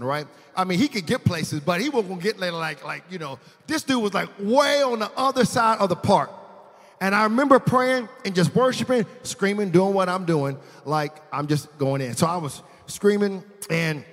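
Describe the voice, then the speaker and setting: A man preaching a sermon as pastor, telling a personal story in casual slang and building from quiet asides to loud, shouted praise. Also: fairly high pitch, very animated, fairly quick, husky, long reverb tail. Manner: casual slang, addresses congregation as fam.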